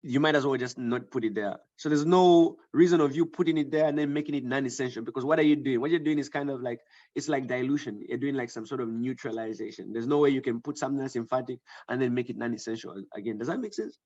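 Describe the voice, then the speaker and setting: A man's voice: medium pitch, fast, a little mellow, highs cut off. A man teaching a writing lesson, thinking aloud with fillers and restarts and often checking in with the class. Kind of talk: online grammar lesson.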